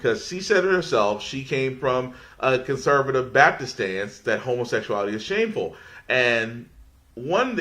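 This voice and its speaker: Male podcast host, bright, forceful tone, loose conversational monologue with restarts. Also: mid-range voice.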